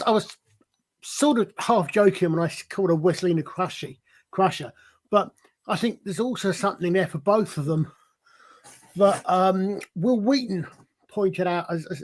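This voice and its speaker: A man with a high voice chats casually about a TV show. He hesitates and repeats words as he gathers his thoughts. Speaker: TV review podcast co-host. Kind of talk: casual chat.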